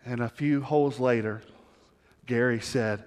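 A male pastor preaching a sermon, telling a story, sinking low and quiet for weight and rising for appeals. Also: lively intonation, a little slow. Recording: long hall reverb.

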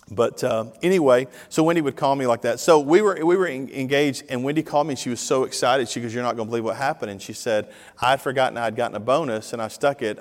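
A middle-aged male pastor tells a story during a sermon, slipping into the voices of the people in it with lively energy. His voice sits at an ordinary pitch for a man. The sound carries a long reverb, as if filling a large sanctuary. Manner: animated storyteller, acts out dialogue.

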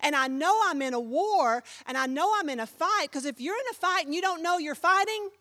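Animated woman pastor preaching. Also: very high voice, fairly quick, long reverb tail. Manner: animated storytelling, acting out quoted voices. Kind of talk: sermon.

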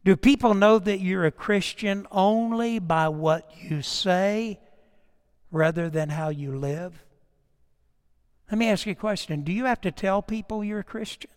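A middle-aged man preaching a sermon with passion, swinging from loud declarations to hushed storytelling and repeating words as he goes. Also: high-pitched, unhurried, smooth, long reverb tail. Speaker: pastor.

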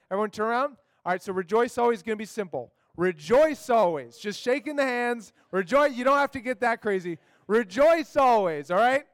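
A man's voice: very high-pitched, dry recording, clean studio sound. A man leading a group memory activity, upbeat and coaxing, checking in with the group often. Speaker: youth class leader.

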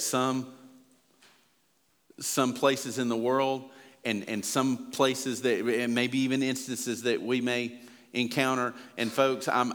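Male pastor, earnest emphatic sermon delivery, mid-pitched voice, long hall reverb. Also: a bit bright. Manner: earnest, emphatic preaching that builds in pitch and volume.

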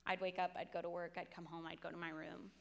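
A woman's voice: fairly low pitch, flat delivery, quick pace, gravelly, a bit bright, big-room sound. A woman in her twenties giving a sermon, telling a personal story in an earnest, confessional way. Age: 20s. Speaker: speaker at a faith talk.

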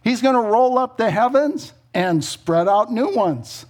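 A middle-aged male pastor with a rather high voice preaches a sermon. He talks in a chatty storytelling way, breaks into laughs, and throws in quick asides before reading scripture. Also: lively intonation, a little mellow.

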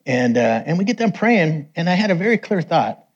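A middle-aged man preaching, telling personal testimony stories with lively quoted voices. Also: normal speed, husky, highs cut off. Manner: animated storyteller, raises pitch for quoted voices. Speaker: missionary preacher. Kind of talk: sermon testimony storytelling.

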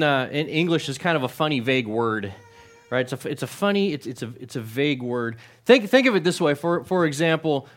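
A man's voice: a little high, fairly bright tone. A middle-aged male pastor giving a conversational sermon, often asking the congregation questions and repeating words.

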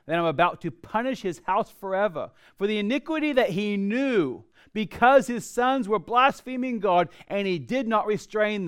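High, smooth-voiced male pastor preaching. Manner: emphatic preaching, slows down to read scripture aloud. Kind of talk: sermon. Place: church before a live congregation.

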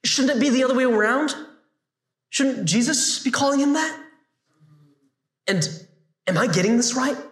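Man doing a bible lesson, high voice, lots of rhetorical questions, echoey room. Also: moderate pace, pauses often. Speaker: Bible teacher.

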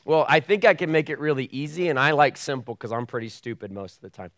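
A male pastor gives a sermon in an easy, conversational manner, slipping into the voices of the people he quotes. His voice sits at a medium pitch, and the sound is dry and close, with very little room echo. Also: fast. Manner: casual, conversational preaching that acts out quoted voices; hushed, earnest tone while praying. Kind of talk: sermon with opening prayer. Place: church sanctuary with a video screen.

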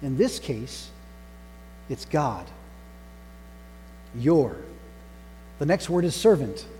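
A man delivering a sermon, pausing to stress single words with deliberate emphasis. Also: mid-range voice, big pitch swings, warm tone. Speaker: pastor. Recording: long reverb hall with faint mains hum.

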